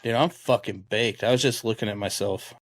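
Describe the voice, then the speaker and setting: A man's voice: fairly low pitch, fairly quick, slight background noise. A man co-hosting a podcast in a laid-back, slangy way, swearing heavily. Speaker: podcast co-host. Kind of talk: casual chat.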